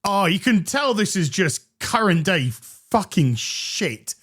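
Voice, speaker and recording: A man's voice: high voice, big pitch swings, slow, a bit bright. A man hosting a TV review show, ranting sarcastically with crude jokes and stammered restarts. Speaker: host reviewing a TV episode.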